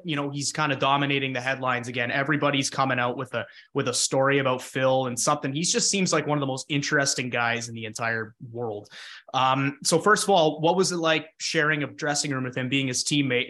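A young man hosting a hockey podcast, joking with his guest and asking animated questions. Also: mid-range voice, fast. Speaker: podcast host. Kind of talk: casual chat.

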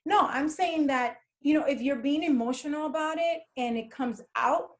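Candid middle-aged woman, slightly high voice. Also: moderate pace. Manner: candid, emphatic, storytelling. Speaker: guest. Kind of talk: casual conversation.

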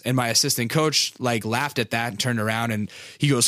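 A man's voice: medium pitch, fairly even intonation, fast talker, a bit bright, no room sound, clean studio sound. Laid-back man telling crude stories. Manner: rambling, laid-back, crude humor, laughs at himself. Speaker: podcast host. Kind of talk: casual storytelling monologue.

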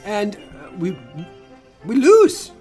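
A hurried ghost of an old film director stammers through his words in a mock South African accent, as a man puts him on. His voice is somewhat high and leaps around widely. Faint music plays underneath. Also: huge pitch swings, a little mellow, heavily acted. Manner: hurried, halting, many restarts. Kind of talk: comedy podcast impression.

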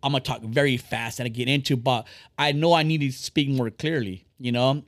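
A man hosting a casual podcast, talking fast and bluntly, rambling and swearing freely. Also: mid-range voice, steady tone, no room sound, studio quality. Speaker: podcast host.

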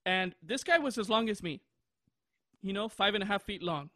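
A high-voiced young man in his twenties rambles through a story on a podcast, often breaking into laughter. The sound is dry and close, with no room around it. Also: lively intonation, normal speed, pushed and bright, no room sound. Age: 20s. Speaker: podcast host. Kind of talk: casual chat.

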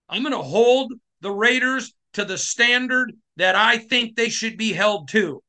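A middle-aged man from Michigan delivers a sports podcast monologue with fervent conviction. His voice sits high for a man and rings bright and forceful. He hammers short phrases and pushes them up toward a shout. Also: expressive, normal speed, hardly any pauses. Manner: passionate, emphatic, rising to shouting. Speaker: podcast host.

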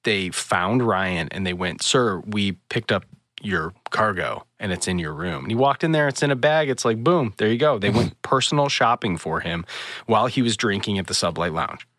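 A man on a casual podcast, telling a story with real energy. His voice sits a little low, and he jumps up high when he mimics other people. The recording is close and dry. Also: animated, normal speed, a bit bright, no room sound. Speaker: podcast host. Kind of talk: casual chat.

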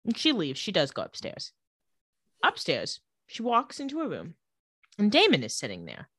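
Bright, giggly woman recapping. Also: medium pitch, normal speed, slightly rough, no echo. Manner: lively, giggly, acts out quoted lines. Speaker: podcast co-host recapping a TV episode. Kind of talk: casual chat recap.

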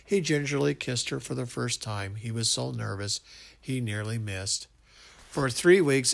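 A man reads a story aloud in a voice with a rough, gravelly texture, pitched around the middle. His delivery is unpolished, with small slips and restarts along the way. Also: a bit bright. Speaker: narrator.

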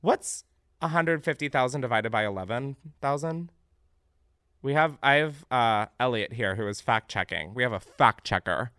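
Riffing sarcastically on the news, a young man hosts a comedic podcast, animated, cursing freely and laughing often. His medium-pitched voice moves at a moderate pace, recorded clean in studio quality with no room sound.

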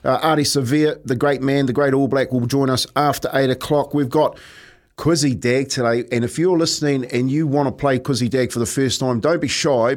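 A middle-aged man, co-hosting breakfast radio and telling stories with frequent laughs. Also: mid-range voice. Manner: chatty storyteller, laughs often. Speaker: radio co-host. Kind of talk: casual breakfast radio banter.

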